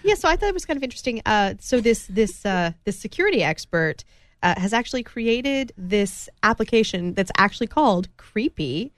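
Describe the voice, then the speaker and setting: A woman's voice: medium pitch, big pitch swings, brisk, no echo. A woman co-hosting a radio talk show, explaining a tech story with many fillers and restarts.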